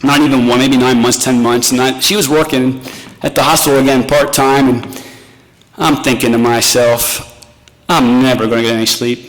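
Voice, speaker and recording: A man's voice: mid-range voice, fairly even intonation, normal speed. A middle-aged man, a pastor, giving a retirement party speech with self-mocking stories and tender thanks. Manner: storytelling, self-mocking humor turning tender. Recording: reverberant hall.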